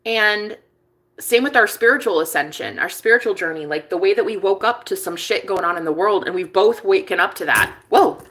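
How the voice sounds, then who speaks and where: A woman talking casually to camera in a confessional vlog, chatty and profane, swinging between hushed and excited. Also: medium pitch, brisk. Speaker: vlogger and manifestation coach.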